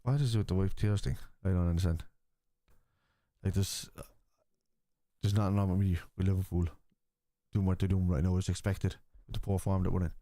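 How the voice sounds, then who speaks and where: A lowish, mellow-voiced Irish man hosting a football watchalong stream, bluntly arguing with viewers in chat and swearing as he goes. His voice sounds close and dry, with no room sound around it. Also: fairly even intonation, brisk, dry recording. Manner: argumentative, blunt, swears casually. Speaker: host.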